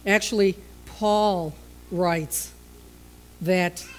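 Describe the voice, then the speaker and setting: A woman pastor preaching a sermon, telling stories and acting out the characters with lively shifts in voice. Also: drawn-out words, poor audio. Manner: storytelling, acting out scenes with shifts in pitch and loudness.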